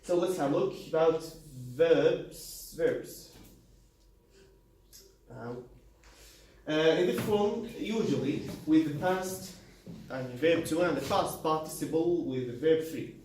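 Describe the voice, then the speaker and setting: A man giving a university class presentation, halting, with many fillers, restarts and non-native grammar. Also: a little high, lively intonation, a little mellow, far from the mic. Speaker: student presenter. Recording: very echoey room, voice from afar, faint noise.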